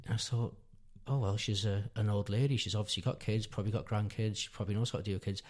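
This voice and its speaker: A man's voice: lowish voice, fairly even intonation, fast, darkish tone. A man, around his thirties, telling a long personal story in casual chat, rambling and correcting himself as he goes. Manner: rambling, self-correcting, earnest. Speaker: podcast guest, father.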